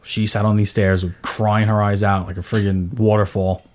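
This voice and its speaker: Speaking at normal speed with a lowish voice, a man in his thirties tells a story on his podcast in a casual way. He's lively and quotes his own yelling, acting out his voice.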